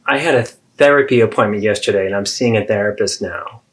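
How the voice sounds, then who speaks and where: A man's voice: lowish voice, fairly quick, fairly bright tone. A man, therapist and host, acting out an adult child confronting a parent in a role-play, earnest and pleading.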